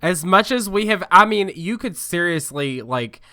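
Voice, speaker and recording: Male podcast host, playful joker, animated and bright. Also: sits high, moderate pace. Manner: jokey, playful, riffs on others. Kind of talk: casual chat.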